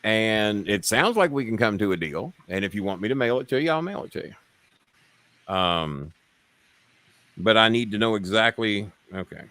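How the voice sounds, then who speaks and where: A man with a lowish voice hosts a live stream, rambling along and swearing freely as he haggles over a sale. The sound is dry and close, with no room around it. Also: sing-song, moderate pace, a bit bright, no echo. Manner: rambling, profane, bargaining with viewers. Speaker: show host. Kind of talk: casual live-stream chat.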